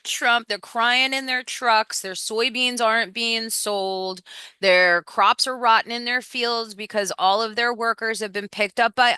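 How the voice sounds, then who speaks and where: A woman's voice: medium pitch, sharp tone, no echo. A woman guest in a casual political chat, earnest and repeating her points for emphasis. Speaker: podcast guest.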